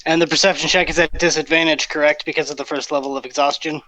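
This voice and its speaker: A man's voice: a little high, little pitch movement, fast, sharp tone, low-quality recording. A man playing a tabletop game, asking precise questions about the rules. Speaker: player. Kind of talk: casual chat during a tabletop game.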